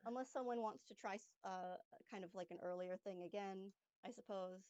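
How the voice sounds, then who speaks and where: A woman's voice: medium pitch, fairly quick, warm tone, no echo. A woman playing in a tabletop role-play game, chatting casually and laughing easily. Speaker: player. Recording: dry, dull lo-fi audio.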